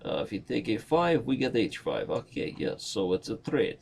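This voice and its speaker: A man's voice: lowish voice, sing-song, normal speed, gravelly, few pauses. A man streaming blitz chess and commenting on his own moves in a playful, slangy way.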